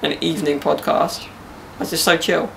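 A young man chats loosely and jokily on his podcast, dropping slang as he goes. His voice sits a little high and has a gravelly, creaky edge. Faint outdoor hiss runs underneath. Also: level tone, normal speed. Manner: joking banter with slang. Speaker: podcast host. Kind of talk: casual podcast chat. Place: outdoors in a garden.

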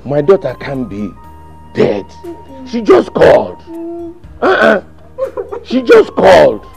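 A man's voice: sits high, moderate pace, soft background music. A frantic father. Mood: distraught. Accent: Nigerian. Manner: agitated, disbelieving. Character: distraught father of a missing daughter.

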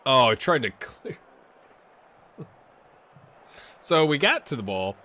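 A man's voice: medium pitch, sing-song, takes it slowly, bright, forceful tone. A man hosting a let's-play video, chatting casually and joking to himself while he plays a football management game. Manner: chatty, self-mocking, jokes and muttered asides. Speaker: gaming channel host.

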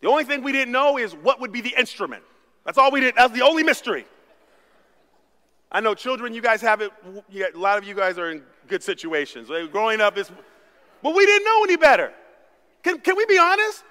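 A man preaching a sermon as pastor, telling stories with big swings from hushed to shouting. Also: very high voice, very animated, fairly quick. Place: church sanctuary. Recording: long reverb of a church hall.

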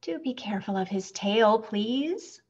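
A woman's voice: animated, a little slow. A woman voicing a fussy, anxious older lady who flusters easily, heard on a dull, lo-fi recording. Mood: flustered. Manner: flustered, high and fluttery.

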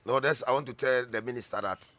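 A man with a Ghanaian English accent speaks as a radio panelist in comic banter. His talk is halting and repetitive, in broken English, at an ordinary middle pitch. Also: fairly bright tone.

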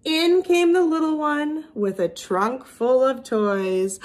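A woman teacher reading a picture book aloud to young children in an expressive storybook manner. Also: high voice, takes it slowly, hardly any pauses.

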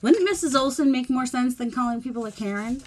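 A woman's voice: sits high, animated, a little fast, slight background noise. A woman chatting in a rambling, self-deprecating way while she works on a mixed media collage. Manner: rambling, musing aloud while working. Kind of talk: chatty crafting vlog.

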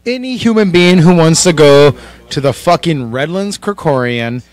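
A man's voice: on the high side, lively intonation, moderate pace, no echo. A man telling a heated, profane story in casual chat among friends.

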